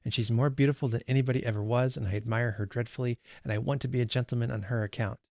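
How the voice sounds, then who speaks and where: A man's voice: mid-range voice, fairly even intonation, racing, creaky, dark tone, dry recording, clean studio sound, lightly acted. A man reading aloud the lines of a discontented young man, impatient and earnest. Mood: wistful.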